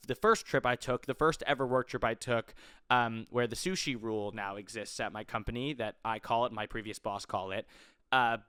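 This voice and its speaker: A man's voice: medium pitch, fairly bright tone, clean tone, no echo, clean studio sound. Rambling man telling a story. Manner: rambling, heavy use of "like" fillers, swearing. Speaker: vlogger. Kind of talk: casual storytelling.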